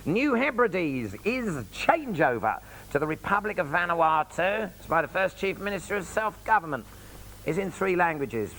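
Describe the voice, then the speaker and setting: A man telling a comic travel story as a raconteur, with cheeky asides and an animated, gravelly delivery. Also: high voice, poor audio.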